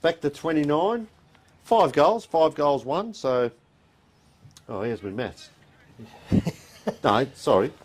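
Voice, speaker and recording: Relaxed Australian man calling local football. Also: fairly high pitch, slow pace, pauses often. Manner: relaxed, chatty play-by-play with score calls. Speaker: football commentator. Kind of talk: live sports commentary. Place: outdoor community football ground.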